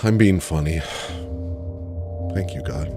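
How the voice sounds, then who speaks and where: A man hosting a rambling comic livestream, swinging his pitch all over the place as he mocks himself. His sudden yells jump into a theatrical register, while faint music plays under him. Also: lively intonation, takes it slowly. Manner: self-mocking, theatrical, bursts into sudden yells. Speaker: livestream host. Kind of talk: rambling comedic livestream monologue.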